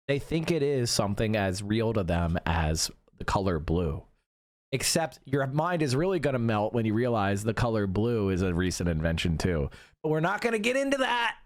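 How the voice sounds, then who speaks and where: A man's voice: mid-range voice, no echo, studio quality. A young man streaming, ranting emphatically and profanely and answering chat. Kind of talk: casual livestream commentary.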